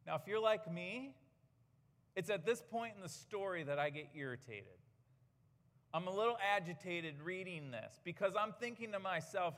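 A pastor delivers a sermon, pressing his points with earnest, emphatic rhetorical questions. His voice sits a little high for a man. The sound rings with the long reverb of a church hall. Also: expressive, normal speed, fairly bright tone.

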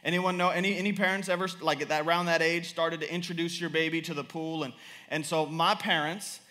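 Stories about his daughter fill this young man's sermon, which he preaches in a lively, repetitive manner. He laughs often and his voice is quick to rise.

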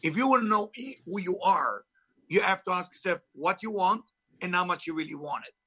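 A man's voice: sits high, lively intonation, brisk, sharp tone, breathy edge. A man with a heavy foreign accent, an author and spiritual teacher speaking emphatically in an interview. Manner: emphatic, preachy, non-native phrasing. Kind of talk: interview talk.

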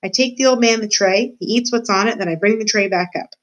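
A woman voicing a slow-witted young servant girl with a rustic dialect in a storybook reading. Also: mid-range voice, pitched above the performer's own voice, natural voice. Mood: simple. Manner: rustic dialect, simple, cheerful.

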